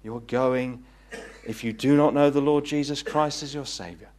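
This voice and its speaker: A man preaching a gospel sermon, earnest and pleading, rising to fervent peaks and then dropping low. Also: steady tone, normal speed, darkish tone. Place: meeting hall.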